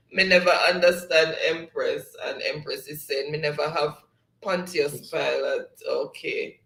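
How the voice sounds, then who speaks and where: A slow-talking Jamaican man hosts a casual live-stream quiz, reading viewers' chat messages aloud and chuckling often. His voice is gravelly and sits a little high for a man. The sound is echoey, as if from a bare room. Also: steady tone, fairly bright tone.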